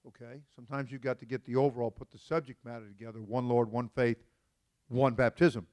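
A man in the pulpit as senior pastor, talking with his congregation more than at it. He slips into folksy, joking asides and then comes back to his point. His voice sits at an ordinary middle pitch. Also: little pitch movement, fairly quick, darkish tone. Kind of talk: conversational sermon. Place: church sanctuary.

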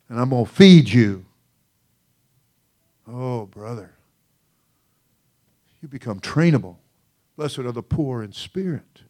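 A man's voice: medium pitch, a little mellow. A male senior pastor preaching a sermon in a folksy, joking way, often laughing and calling out "oh, brother.".

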